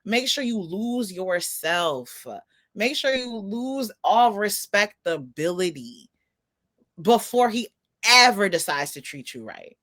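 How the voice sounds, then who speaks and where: A young adult woman co-hosting a podcast, telling stories in an animated, incredulous way during casual chat. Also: mid-range voice, slow. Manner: animated storytelling, laughing incredulity. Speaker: podcast co-host.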